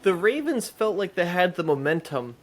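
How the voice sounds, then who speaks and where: A man co-hosting a sports podcast, talking excitedly as a fan in casual chat. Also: high voice, normal speed, slight background noise. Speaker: podcast co-host.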